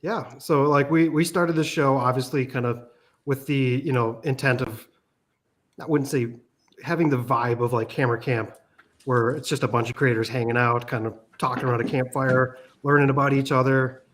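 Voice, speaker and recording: A man's voice: mid-range voice, fairly even intonation, normal speed, fairly bright tone. A man from Minnesota hosting a casual livestream, laid-back and loose with fillers. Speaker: livestream host.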